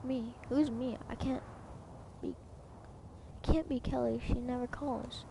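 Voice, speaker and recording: A woman's voice: on the high side, slow, vocal fry, noisy background. A woman reading as a teasing mother. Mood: dry teasing. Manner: quiet, flat reading of on-screen dialogue. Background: game music.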